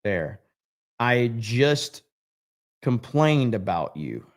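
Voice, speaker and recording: An American livestream host with a medium-pitched, sing-song voice talks extremely slowly, chatting casually and reading viewer comments aloud in a loose, profane, rambling way.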